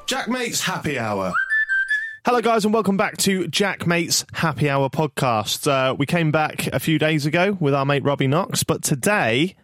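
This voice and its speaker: Playful young podcast host, lively voice. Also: male voice, a little high, normal speed, music in the background. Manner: playful, teasing, stumbling restarts. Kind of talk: casual podcast chat.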